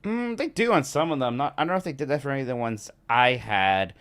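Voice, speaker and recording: A man co-hosting a podcast in casual chat, excitable and swinging from quiet to loud. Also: mid-range voice, quick pace, clean tone. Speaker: podcast co-host.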